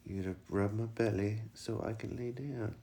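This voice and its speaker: A man voicing a clingy little female puppy who whimpers for her owner in a high, plaintive voice. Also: fairly even intonation, normal speed, gravelly, mellow. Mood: sleepy.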